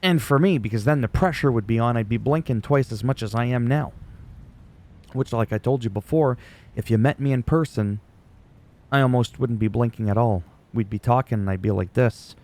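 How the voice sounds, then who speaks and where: A man's voice: medium pitch, normal speed, a little mellow. A man whose first language is French, ranting sarcastically and profanely as a YouTuber recapping wrestling. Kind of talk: ranting casual commentary.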